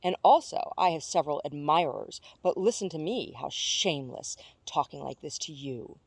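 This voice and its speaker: A woman voicing a chatty older female neighbour who gushes about her good fortune in a high, fluttery voice. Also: lively intonation, moderate pace, vocal fry, husky, no echo, full character voice. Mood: gushing.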